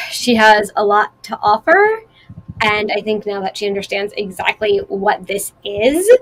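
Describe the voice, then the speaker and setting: A woman's voice: medium pitch, lively intonation, a little slow, fairly bright tone, a little hiss or hum, rough recording. A woman panelist speaking earnestly in a discussion.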